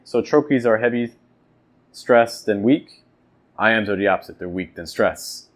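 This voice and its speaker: Low-voiced patient poetry teacher, man. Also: a little slow. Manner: patient, spells out stressed and weak syllables. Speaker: poetry workshop instructor. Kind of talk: one-on-one workshop teaching.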